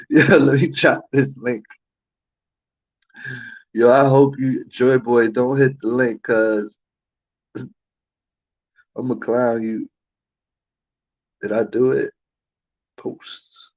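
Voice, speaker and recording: This man hosts a livestream and rants with heat and profanity, repeating rhetorical questions. He has a mid-range voice with fairly even intonation, takes it slowly and pauses often, over dull lo-fi audio.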